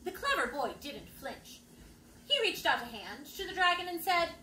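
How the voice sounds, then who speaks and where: Storytime reader, woman: very high, bright, lively read-aloud with playful asides; echoey room. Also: moderate pace, background noise. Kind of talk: reading a picture book aloud to children.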